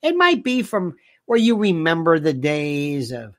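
An older host delivers an animated, indignant monologue at an unhurried pace and medium pitch, reading listener comments aloud and firing off rhetorical questions. The audio is studio quality with no room sound.

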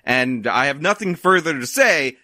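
A man's voice: a little high, expressive, moderate pace, bright, forceful tone, dry recording, clean studio sound. A man ranting sarcastically as he comments on news clips, mocking and worked up. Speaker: political commentator.

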